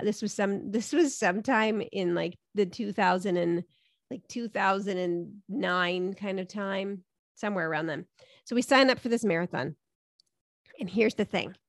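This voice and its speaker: A woman's voice: medium pitch, no room sound, studio quality. A middle-aged woman hosting a solo podcast from home, chatting and telling self-deprecating stories before giving advice. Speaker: podcast host. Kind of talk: casual solo podcast monologue. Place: home room.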